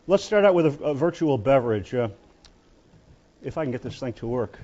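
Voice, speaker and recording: A man lecturing on literature as a university professor, speaking in a halting way with many pauses and restarts. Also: medium pitch, animated, dark tone, highs cut off.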